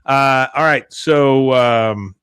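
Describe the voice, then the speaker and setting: A man's voice: mid-range voice, clean tone, no echo. Male podcast co-host, rambling episode recap full of fillers, dry close mic. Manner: halting, many fillers, animated when quoting. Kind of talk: casual recap with acted-out quotes.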